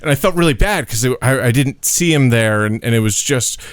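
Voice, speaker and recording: A man's voice: medium pitch, lively intonation, brisk, no room sound. A man casually telling a story on a comedy podcast, acting out quotes in a laid-back way.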